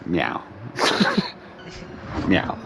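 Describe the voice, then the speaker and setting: A man voicing a lazy, grumpy male house cat that mutters low and sounds like it can't be bothered. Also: extremely slow, heavy background noise. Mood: fed up. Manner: low, grumbling, unbothered.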